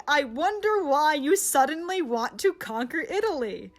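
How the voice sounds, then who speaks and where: A young woman giving excitable, sarcastic comedic commentary on a fan-favorite comic series. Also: sits high, a little slow, hardly any pauses. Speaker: video creator. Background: faint background music.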